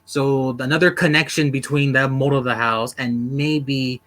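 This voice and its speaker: A man's voice: mid-range voice, steady tone, a little slow, a bit bright. A man hosting a casual book club podcast, rambling and analytical, often repeating himself as he works through a point.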